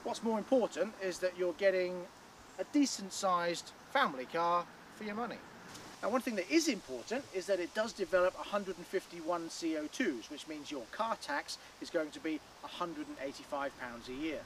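A man's voice: sits high, expressive, normal speed. A man presenting a light-hearted car review vlog, outdoors by the cars and behind the wheel. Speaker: car reviewer, show host. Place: outdoors by cars and inside a car while driving. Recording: distant mic with loud outdoor and road noise. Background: traffic and car noise.

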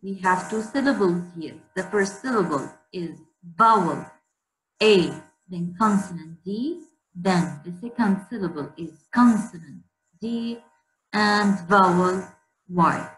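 A woman teacher giving a slow spelling lesson to children, repeating words so pupils can say them after her. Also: mid-range voice, fairly bright tone, faint music behind. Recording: echoey room with faint hum.

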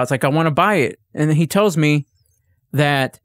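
A man talking on a casual podcast, telling a long gripe with plenty of swearing and acted-out back-and-forth. His voice sits a little higher than most men's. The sound is close and dry, with no room around it. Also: a little fast, fairly bright tone, dry recording. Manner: ranting, swearing, acts out exchanges in a raised voice. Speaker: podcast co-host. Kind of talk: casual chat.

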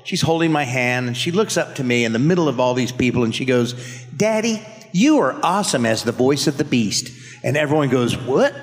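A man at a convention panel spins a relaxed story about his family, voice at an everyday middle pitch. His words ring out through a PA with a long reverb tail in a big hall. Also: brisk. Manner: relaxed anecdotal, laughing at his own story. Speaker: voice actor panelist.

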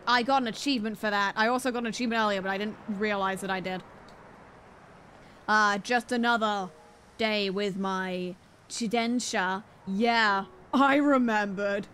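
A woman's voice: medium pitch, moderate pace, a bit bright, a little hiss or hum. A woman streaming a game, chatting playfully, joking at herself and laughing often. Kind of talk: casual game-stream commentary.

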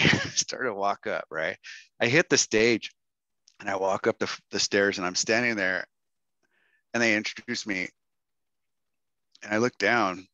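Bright, animated man telling a story. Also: on the low side, no echo, muffled recording. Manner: animated and joking, with frequent "right?" and "dude"; acts out other people's lines in raised voices. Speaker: guest speaker at an online workshop. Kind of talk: casual storytelling to a live audience.

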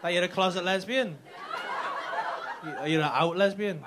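A man's voice: high voice, normal speed, background noise. A man doing stand-up crowd work, teasing and mocking the audience with lots of swearing. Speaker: stand-up comedian. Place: comedy club stage. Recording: live club with audience laughter.

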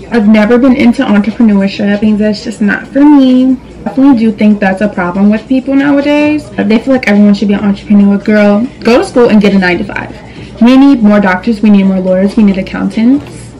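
A woman's voice: medium pitch, mellow, poor audio. A young woman from New York chatting casually through a makeup tutorial, sassy and direct, calling viewers girl and boo. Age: young adult. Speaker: beauty vlogger. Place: indoors at a vanity.

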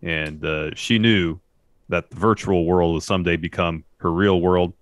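Man, very deep voice, deadpan dry humor, podcast co-host recap, close dry recording. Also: moderate pace, no echo. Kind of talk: casual wrestling recap chat.

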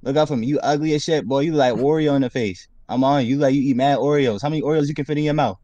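A man's voice: medium pitch, fast, dark tone, dry recording, muffled recording. A young man roasting an opponent with short teasing jabs. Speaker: roast contestant. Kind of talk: taunting roast.

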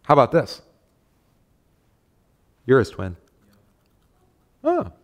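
A man's voice: mid-range voice, wildly swooping pitch, takes it slowly. A man, a pastor, leading a casual Bible study, chatty and self-correcting, reading scripture aloud with emphasis.

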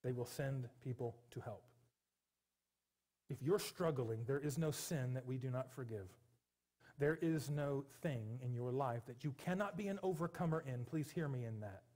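A man's voice: mid-range voice, normal speed. Earnest pastor pleading with his congregation. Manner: earnest, pleading, swings to animated humor. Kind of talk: sermon. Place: church sanctuary.

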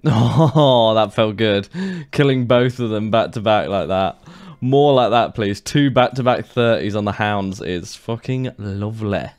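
A gaming YouTuber with a lowish, clean-toned voice speaks a little slowly as he comments on gameplay. He gets frustrated, swearing and ranting in exasperation.

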